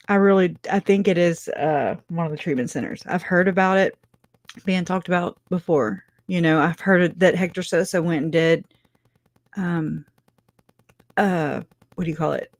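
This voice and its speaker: Middle-aged woman, livestream host, lowish voice, dry close sound, chatty, laughs easily. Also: darkish tone, no room sound. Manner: chatty, laughs often, many restarts. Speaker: livestream host reading chat. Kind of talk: casual live chat.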